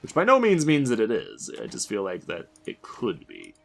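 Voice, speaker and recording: A man's voice: fairly low pitch, huge pitch swings, normal speed, vocal fry. A man giving exasperated, swearing let's-play commentary, rambling and restarting his sentences. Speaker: gaming commentator.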